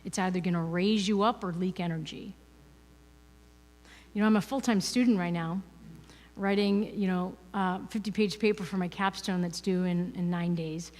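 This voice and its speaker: A woman's voice: fairly low pitch, steady tone, moderate pace, darkish tone. A woman giving a conversational inspirational talk as a guest speaker at a spiritual ministry, chatty and full of "you know" and "right?". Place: ministry service hall, indoors. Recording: reverberant hall.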